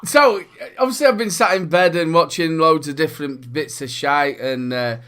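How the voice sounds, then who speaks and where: A man's voice: a little high, normal speed, sharp tone. A man with a Northern English accent hosting a casual live stream, upbeat and affectionate as he thanks his viewers. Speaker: host.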